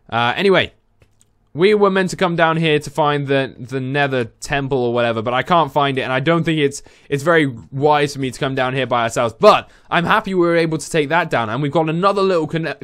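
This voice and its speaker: A young man giving casual, excitable let's-play commentary while playing, talking back to the game's creatures. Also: medium pitch. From England. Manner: excitable, jumpy, talks to game creatures. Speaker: gaming YouTuber.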